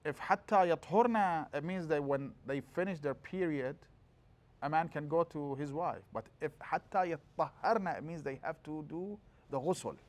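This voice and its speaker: Pitched fairly high, this middle-aged man's voice carries a lively classroom lecture on religion, punctuated by brisk chanted readings of scripture.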